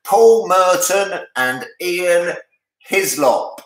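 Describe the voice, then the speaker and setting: A man hosting a casual charity pub quiz, chatty and jokey, reading the answers out slowly. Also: high voice, lively intonation. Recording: echoey room.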